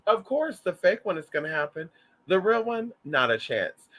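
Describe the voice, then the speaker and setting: In a sing-song voice that sits high, this man chats with his livestream viewers at a moderate pace, his tone fairly bright. The vlogger is flamboyant and sassy, cursing freely and addressing them as honey.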